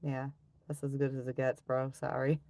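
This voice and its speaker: Low gravelly woman ranting on a stream. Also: level tone, normal speed, mellow. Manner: ranting, swearing, sighing often. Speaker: live streamer. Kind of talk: casual live-stream chat.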